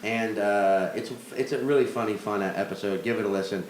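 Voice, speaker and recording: A man's voice: on the low side, brisk, reverberant, a crowd in the background. A man co-hosting a comedy podcast, bantering casually and making jokes. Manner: joking, puts on silly voices. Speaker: podcast co-host. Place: studio backyard, outdoors.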